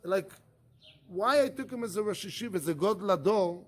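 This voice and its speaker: Speaking a little fast in a high-pitched voice, a rabbi gives a Talmud study session in non-native English. He asks rhetorical questions only to answer them himself, and he animatedly plays out each argument in the first person.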